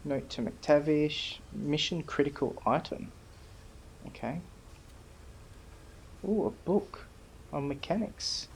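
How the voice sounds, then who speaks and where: A man's voice: a little high, animated, takes it slowly, creaky, pauses often, slight background noise. A man casually commenting on a video game as he plays, reading dialogue choices aloud in a laid-back way. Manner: reads dialogue options aloud, laid-back, laughs easily. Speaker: gameplay commentator.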